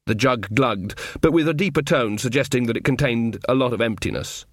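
A man's voice: mid-range voice, a little fast, no room sound. A man giving the scripted narration of an audiobook in a wry, dry storytelling manner.

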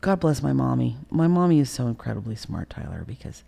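Brief: middle-aged woman guest, gravelly and dark-toned, emotional halting recollection. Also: a bass voice, sing-song. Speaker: interview guest. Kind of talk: candid personal storytelling.

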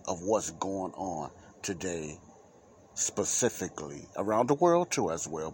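A man with a very low voice hosts his own Christian talk podcast, speaking at an unhurried, drawn-out pace. He rambles and repeats himself in a loose, informal preacherly way. A faint hiss sits under the recording. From United States. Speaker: podcast host. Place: Chicago area.

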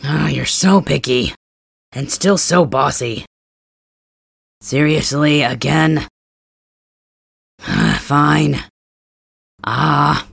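A man voicing a gruff, teasing young male cat hybrid in an ASMR role-play, grumbling and blunt, with a gravelly, husky voice, close to the mic. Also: on the high side, very animated, very slow, pauses often, a bit bright, dry recording, full character voice.

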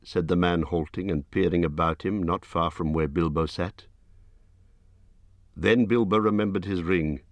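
A man reading an audiobook in a slow, measured narration. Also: low voice, steady tone, dry recording.

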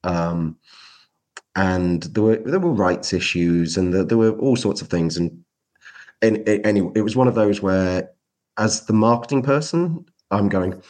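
A man chatting on a podcast, hesitant and halting, starting his sentences over and over. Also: deep voice, darkish tone. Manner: hesitant, many fillers and restarts. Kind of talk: casual chat.

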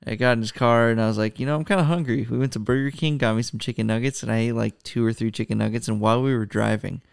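A man's voice: lowish voice, flat delivery, quick pace, gravelly, clean tone, no room sound, studio quality. A young man co-hosting a casual podcast, teasing his friend bluntly and telling laid-back stories. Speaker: podcast co-host. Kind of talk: casual chat.

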